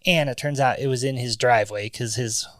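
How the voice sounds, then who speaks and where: A man's voice: mid-range voice, fairly quick, no room sound. A man co-hosting a podcast, loosely and profanely retelling a movie plot with lots of ums. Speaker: podcast co-host. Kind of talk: casual movie recap chat.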